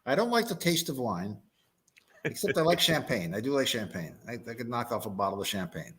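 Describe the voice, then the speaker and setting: A man's voice: medium pitch, big pitch swings, brisk, fairly bright tone. A man chatting casually with friends, easygoing and chuckling. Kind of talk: casual chat.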